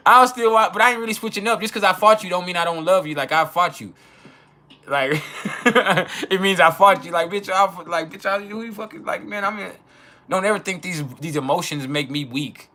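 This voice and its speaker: A young man talks freely about astrology with a bright, somewhat high voice. He swears constantly and laughs between lines. He slips into acted-out arguments without changing his voice. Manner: profane, animated, laughs often, acts out quoted arguments. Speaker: astrology channel host. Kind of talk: casual unfiltered chat.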